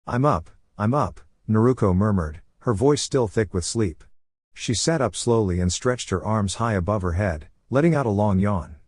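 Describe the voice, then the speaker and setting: A man with a low voice narrates a fan-fiction story in a smooth, even, scripted reading. The sound is dry and close, with no room echo. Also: normal speed. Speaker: storyteller channel host.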